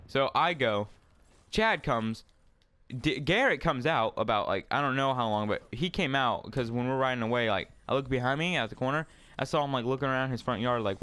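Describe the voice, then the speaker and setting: Young man, casual storytime, rambling and profane, mid-pitched, at home. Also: moderate pace, a bit bright, smooth, dry recording. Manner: rambling, full of fillers and swearing. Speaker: storyteller vlogger. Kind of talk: casual storytime while gaming.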